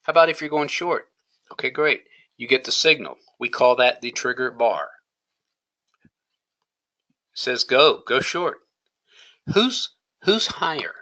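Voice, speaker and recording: Bright, emphatic male trading coach. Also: mid-range voice, lively intonation, unhurried, pauses often, lo-fi sound. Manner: emphatic, coaching, rhetorical questions. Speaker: trading educator. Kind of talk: screen-share trading lesson.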